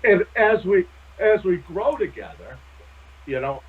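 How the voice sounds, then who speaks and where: A man with a husky, slightly high voice swings his pitch all over as he spins loose, laughing anecdotes. He talks casually and swears freely. The sound is thin and tinny, like a phone call. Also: a little slow. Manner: animated, laughing often, salty language. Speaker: guest.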